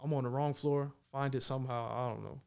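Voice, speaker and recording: A man in his thirties, a professional basketball player from Minnesota, chatting as a guest and telling lively stories in casual slang. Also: mid-range voice, brisk, vocal fry, smooth. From Minnesota, United States. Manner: animated storytelling, slangy, repeats "you know what I mean". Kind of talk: casual conversation.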